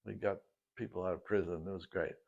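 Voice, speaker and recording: Man with a low, gravelly voice recalling a personal story, halting and unscripted, on a dull lo-fi recording. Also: fairly even intonation, darkish tone. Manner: halting, with many restarts and fillers. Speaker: storyteller recounting his life. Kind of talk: casual spoken reminiscence.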